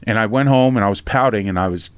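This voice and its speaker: A middle-aged man from Pennsylvania telling his life story in a casual interview, animated and blunt, swearing freely and acting out the voices in his tales. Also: on the low side, quick pace, smooth, no room sound. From Norristown, Pennsylvania, USA. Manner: animated storyteller, acts out quotes, swears freely, says "right?" often. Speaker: podcast host and memoir author.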